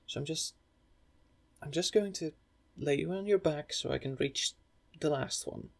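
A young man talks slowly to the listener in an intimate audio role-play, his voice gravelly and a little husky. He is playful and rambling, stumbling over his words and apologizing as he goes. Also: fairly high pitch.

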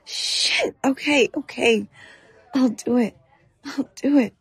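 A woman with a husky, breathy voice that carries a gravelly fry, pitched a little high. She performs an adult audio role-play slowly and teasingly, often sinking into a whisper, recorded dry and close. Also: dry recording.

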